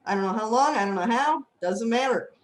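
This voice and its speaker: A woman's voice: fairly high pitch, lively intonation, brisk, reverberant. A woman on a management team speaking up earnestly in a meeting to encourage the group. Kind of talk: meeting remarks.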